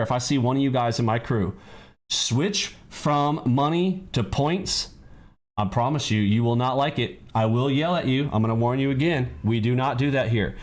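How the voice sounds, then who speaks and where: A man coaching day traders in a live lesson, emphatic and preachy, driving points home with repeated "okay?" and "you got it?", his voice swinging from low to high. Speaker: trading coach. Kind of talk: livestream trading lesson.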